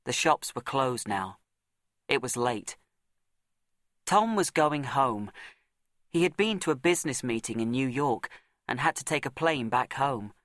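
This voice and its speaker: A man reading a story aloud as narrator, measured and deliberate, with dramatic pauses and slowed words for emphasis. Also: mid-range voice, animated, fairly bright tone, no echo, clean studio sound.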